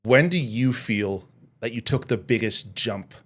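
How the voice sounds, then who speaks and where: Laid-back podcast host, lowish voice. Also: male voice, a little slow, husky. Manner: relaxed, friendly, says "man" a lot. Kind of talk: casual interview chat.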